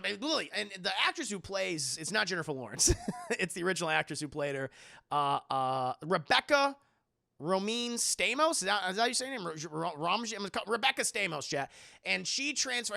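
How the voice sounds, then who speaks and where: A man recaps a film on a live stream, rambling, swearing freely and talking straight to his chat. His voice is heavily gravelly and bright, and it sits fairly high for a man. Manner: profane, rambling, keeps addressing chat.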